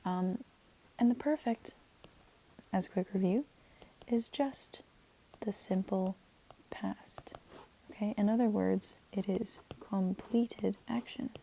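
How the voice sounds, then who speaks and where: Woman, teacher, slow talker, mellow gravelly tone, chatty lesson delivery. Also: mid-range voice, a little hiss or hum, rough recording. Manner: chatty, repeats "okay" and leads chants. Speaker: Latin teacher. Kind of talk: recorded online lesson.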